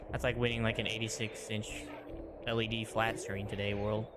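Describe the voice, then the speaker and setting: Low-voiced guy chatting while he plays, game music going. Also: flat delivery, moderate pace. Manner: rambling, chatty. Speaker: gaming streamer. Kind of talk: casual gameplay commentary.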